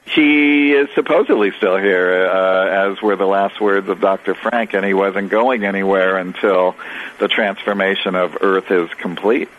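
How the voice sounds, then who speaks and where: Low-voiced man rambling over a phone line. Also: fairly even intonation, unhurried. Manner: rambling, many fillers and restarts. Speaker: guest. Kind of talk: storytelling on a radio call. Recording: tinny phone line with faint noise.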